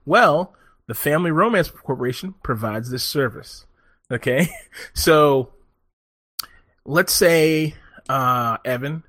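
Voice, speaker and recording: A man with a slightly high voice spins a long story in loose, profane chat, laughing often and acting out the people in it. The sound is dry and close, with no room around it. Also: animated, slow, pauses often, bright, forceful tone, no echo. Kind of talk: casual chat.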